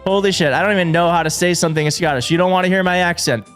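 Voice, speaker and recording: A man hosting a live political commentary show, excitable and jokey, often restarting his sentences. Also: high-pitched, very fast, soft background music. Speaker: show host. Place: studio in a big city.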